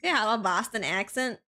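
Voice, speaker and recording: Giggly young woman with bright, lively voice. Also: mid-range voice. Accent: American. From Spain. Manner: giggly, laughs often between phrases. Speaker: art streamer. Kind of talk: casual chat while drawing.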